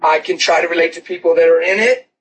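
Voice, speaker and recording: A man with a high voice preaches his own testimony, telling the story with animation and breaking into laughs and shouts. He sounds set back from the microphone, and clear room noise sits under his voice. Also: fast. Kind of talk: testimony sermon. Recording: distant mic with noisy room ambience.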